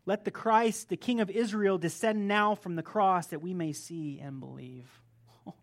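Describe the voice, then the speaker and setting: A man's voice: high-pitched, moderate pace. A man preaching a sermon, reading scripture aloud and commenting on it, talking emphatically and straight to his listeners.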